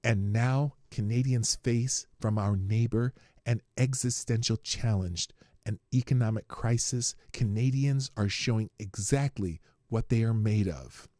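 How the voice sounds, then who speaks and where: A man doing an impression of a male prime minister giving an earnest farewell speech, slow and emphatic. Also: on the low side, mellow, no room sound, clean studio sound, voice pushed down, natural voice. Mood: solemn. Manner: slow, solemn, emphatic delivery.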